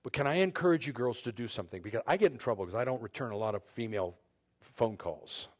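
A man's voice: mid-range voice, lively intonation, fast. A man preaching a conversational sermon, often repeating words and restarting sentences as he addresses the men and the women in turn. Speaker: pastor.

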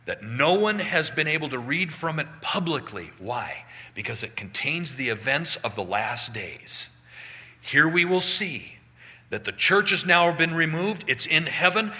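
A man's voice: mid-range voice, sharp tone, big-room sound. A man preaching outdoors, retelling a Bible scene with dramatic storytelling and big swings in volume. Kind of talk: sermon, Bible teaching.

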